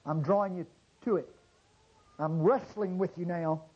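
A man preaching a sermon to a congregation, swinging from low murmurs to loud exclamations and drawing out key words. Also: slightly rough, lo-fi sound. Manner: drawn-out stressed words. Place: church service before a congregation.

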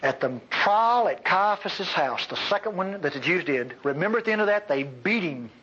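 A man preaching a sermon in a high, husky voice. He is emphatic, with sudden loud bursts and then quiet, low asides. The recording sounds dull and lo-fi. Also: lively intonation, normal speed.

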